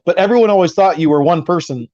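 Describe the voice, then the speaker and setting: A man's voice: a little high, fast, a little mellow, dry recording. A man hosting a casual trucker round table, rambling a little as he tells stories. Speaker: host trucker. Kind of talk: casual chat. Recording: dull lo-fi line with faint noise.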